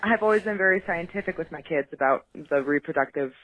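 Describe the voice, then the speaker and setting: A woman's voice: lowish voice, quick pace, a bit bright, dry recording. A woman caller telling a story in a chatty voicemail, laughing as she goes. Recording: tinny phone line.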